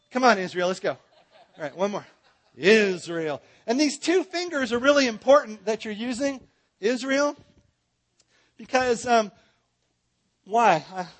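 A man's voice: sits high, expressive, unhurried, pauses often. A man teaching a Bible seminar in a church, joking with and directing his audience.

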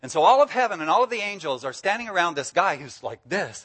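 A man's voice: high-pitched, very animated, quick pace, a bit bright. A man preaching as a guest speaker, enthusiastic and emphatic, often breaking into laughter. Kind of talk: sermon.

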